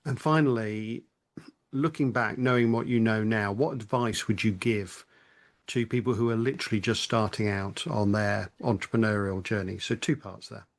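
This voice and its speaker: A man's voice: lowish voice, fairly even intonation, normal speed. A man hosting a podcast, asking his guest long, thoughtful questions with some hesitation. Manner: thoughtful, hesitant phrasing with restarts. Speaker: podcast host. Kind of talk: interview questions.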